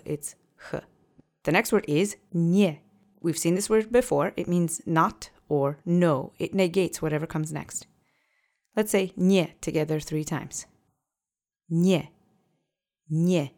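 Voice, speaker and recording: A woman hosting a language podcast, teaching phrases with patient, clear pronunciation drills. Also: lowish voice. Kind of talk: scripted language lesson.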